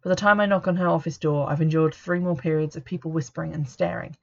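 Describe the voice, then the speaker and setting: A woman reading a first-person audiobook in a steady, measured way. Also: low-pitched, gravelly. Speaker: audiobook narrator. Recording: dull lo-fi recording.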